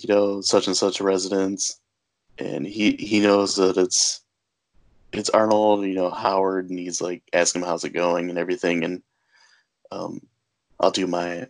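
A man hosting a podcast, chatting casually about a film with fillers and easy laughter. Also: deep voice. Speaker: podcast host. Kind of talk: casual movie discussion.

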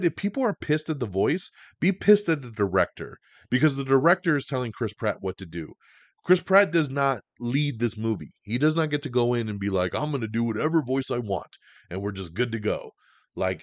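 A man with a fairly low voice hosts a podcast and chats through the week's entertainment news. He is casual and slangy, and often gets excited. The sound is dry and close to the mic. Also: no echo. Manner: enthusiastic, slangy, chatty. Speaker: podcast host.

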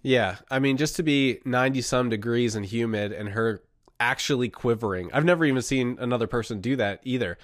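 Lively young man telling a ghost story. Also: mid-range voice, brisk, no echo, studio quality. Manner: animated storyteller, acts out voices in quotes. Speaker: podcast co-host. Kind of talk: casual chat, telling a personal ghost story. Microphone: remote call.

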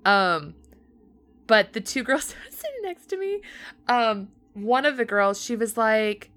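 Bright, smooth-voiced young woman chatting. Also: on the high side, big pitch swings, a little slow. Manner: chatty storytelling, many fillers, acts out quotes. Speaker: podcast co-host. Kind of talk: casual chat.

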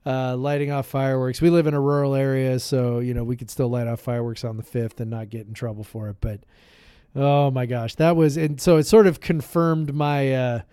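A man's voice: mid-range voice, fairly even intonation, brisk, warm tone, clear, resonant tone, no room sound, clean studio sound. A man co-hosting a podcast in casual chat, telling a rambling story full of fillers and restarts. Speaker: podcast co-host. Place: podcast room, shared with co-host.

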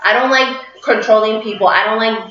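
A woman chatting casually with a friend, animated and sarcastic, acting out what people said. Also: on the high side, fairly quick, a little hiss or hum. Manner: animated storytelling, acts out quotes, sarcastic. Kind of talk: casual chat. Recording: slightly roomy, dull lo-fi audio.

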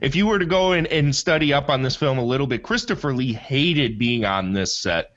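A man's voice: medium pitch, expressive, a little fast, fairly bright tone, muffled recording. A man hosting a movie podcast in casual chat, rambling enthusiastically and often correcting himself mid-sentence. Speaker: podcast host.

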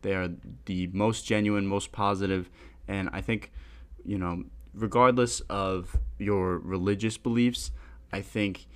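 A man's voice: on the low side, steady tone, a little slow, clear, resonant tone. A young man hosting a podcast, rambling casually and laughing at himself. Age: young adult. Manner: rambling, self-deprecating, laughs often. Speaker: podcast host.

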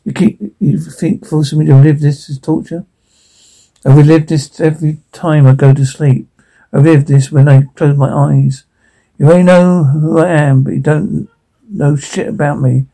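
Guy doing a bitter defiant young cyborg guy, husky and gravelly. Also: fairly high pitch, fairly even intonation, normal speed, dark tone, low-quality recording. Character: young male cyborg hero, defiant and haunted.

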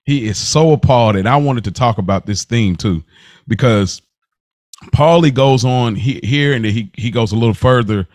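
A man's voice: medium pitch, a little mellow, no room sound, studio quality. A man co-hosting a podcast, chatting casually and laughing often as he reviews a TV episode. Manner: laid-back, slangy, laughs often, quick restarts. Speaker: podcast co-host.

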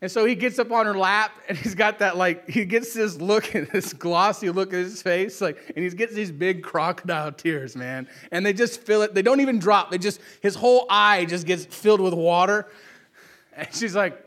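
A man in his thirties, a father, telling a family anecdote in a casual, animated way and often asking "right?". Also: sits high, moderate pace.

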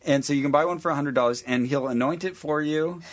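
A man co-hosting a podcast, retelling an event in lively, animated chat and laughing often. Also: fairly high pitch, fast. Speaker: podcast co-host. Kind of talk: casual chat.

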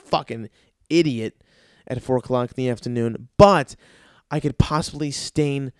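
A man's voice: mid-range voice, measured pace, darkish tone, clear, resonant tone, no echo. A man from the United States telling a comedic story as a rant, exasperated, sarcastic and swearing constantly.

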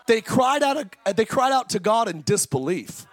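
A male pastor preaching an impassioned sermon that swings between fast talk, slow drawn-out words and shouting. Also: very high voice, big pitch swings. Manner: impassioned preaching, often shouting, sudden speed changes. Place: church service.

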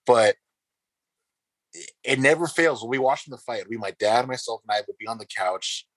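A man hosting a podcast, telling stories in a relaxed, casual way with lots of fillers. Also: medium pitch, moderate pace, dry recording. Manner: relaxed storytelling with many fillers. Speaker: podcast host. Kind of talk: casual chat.

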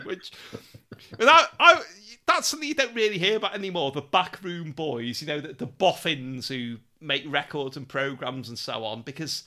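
Animated man, bright lively voice. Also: on the high side. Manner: animated, laughs often, quick asides and impressions. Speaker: podcast co-host. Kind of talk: casual chat about comedy records.

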